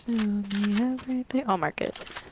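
A young woman streaming a shooter game at her desk, teasing her friend and swearing with loud outbursts. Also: mid-range voice, steady tone, moderate pace, noisy background. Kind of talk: casual gaming chat. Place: home room at a wooden desk. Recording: loud game gunfire behind the voice.

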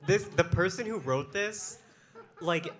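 A man's voice: high-pitched, expressive, slow, fairly bright tone. A man on a comedic podcast who reacts with incredulity and riffs on absurd premises, often laughing as he talks. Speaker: podcast co-host.

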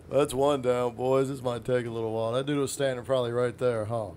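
A man's voice: medium pitch, darkish tone, slight background noise. Profane young man reacting to a game. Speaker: gaming channel host. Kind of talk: let's play commentary.

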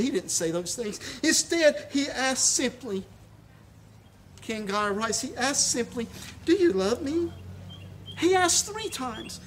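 This sermon, captured for a church's live stream, comes from a fervent pastor whose emphatic delivery rises to stirring heights and sinks to hushed reverence. His words often stumble into repetition over a soft background hiss.

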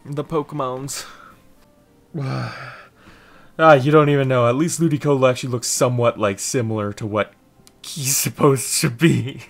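A man's voice: medium pitch, fairly even intonation, normal speed, gravelly, faint music behind. A man giving casual, rambling let's-play commentary over a game, giggling and repeating a silly catchphrase. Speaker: gameplay commentator.

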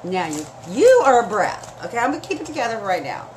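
A woman's voice: medium pitch, huge pitch swings, quick pace, darkish tone. A woman hosting a chatty live sale stream, gushing and emotional as she talks straight to her viewers, her throat scratchy and dry.

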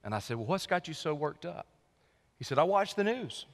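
A male senior pastor preaching a sermon, swinging from loud, lifted lines down to quiet, low emphasis. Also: very animated, a little fast. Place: church sanctuary. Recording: long church hall reverb.

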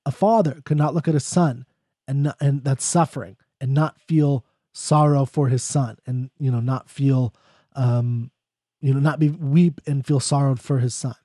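Male lecturer, mid-pitched and mellow, conversational, reads the verse slowly. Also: steady tone, no echo, clean studio sound. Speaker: poetry explainer. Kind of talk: casual spoken lecture on a poem.

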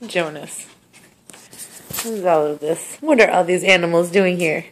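A woman's voice: fairly low pitch, a little slow, background noise. A woman at home chatting playfully to her cat and puppy in a cooing pet voice. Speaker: pet owner. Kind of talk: casual talk to pets.

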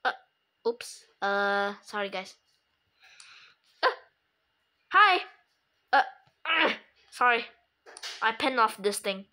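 High, bright playful gamer woman. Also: extremely slow, long pauses. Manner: playful, excitable, makes sound effects. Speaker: gameplay commentator. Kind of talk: casual game commentary.

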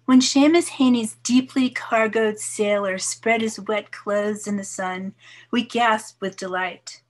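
An older woman in her seventies reads her own poems in a measured, expressive voice of middling pitch. Some lines drop soft and low. Between poems she chats casually with her listeners. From New York, USA. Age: 70s. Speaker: poet. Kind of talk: poetry reading with casual asides.

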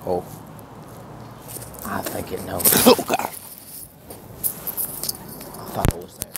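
A young man vlogging outdoors in a comic redneck persona, with hushed sneaking mutters and sudden excited exclamations. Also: low-pitched, slow, long pauses. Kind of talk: handheld comedy vlog commentary. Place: outdoors in a city. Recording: noisy outdoor street recording.

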